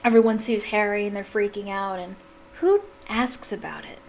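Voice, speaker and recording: A woman reading a novel aloud for online viewers, breaking off into animated, exclaiming asides. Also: medium pitch, moderate pace, faint music behind. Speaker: YouTube reader.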